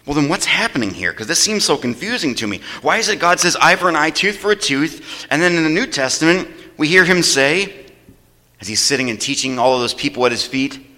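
A man's voice: medium pitch, animated, brisk, sharp tone. A man preaching a sermon as pastor, asking the congregation emphatic questions and drawing call-and-response answers. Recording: long reverb of a large hall.

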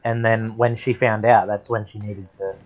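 A man cohosting a podcast, cracking dark one-liners and chuckling at them. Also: on the low side, level tone, normal speed. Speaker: podcast co-host. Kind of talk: crude comedy banter. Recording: dull lo-fi podcast audio.

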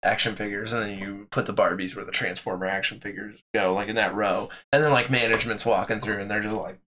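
Bright-voiced young man, laughing and rambling. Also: fairly low pitch, fairly even intonation, quick pace, slight background noise. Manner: laughs often, rambling restarts. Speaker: podcast co-host. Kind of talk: casual chat.

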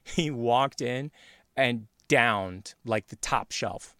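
A man's voice: mid-range voice, slow, sharp tone, no echo. A man in an easygoing conversation, telling an anecdote in a meandering, chatty way. His voice sits in a middle register and sounds close and dry, with hardly any room around it. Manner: rambling, laughs often, acts out quoted voices. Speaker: podcast host. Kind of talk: casual storytelling chat.

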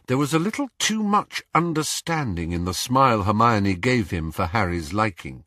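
A man reading a novel aloud as an audiobook, telling it expressively and slowing or speeding up for tension. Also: on the low side, no echo, clean studio sound. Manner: expressive storytelling, shifting pace for tension. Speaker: audiobook reader. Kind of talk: audiobook narration.

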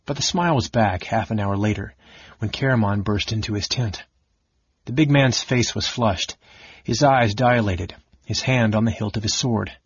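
A man reading an audiobook in a measured, dramatic narration. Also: fairly low pitch, husky, no echo, highs cut off.

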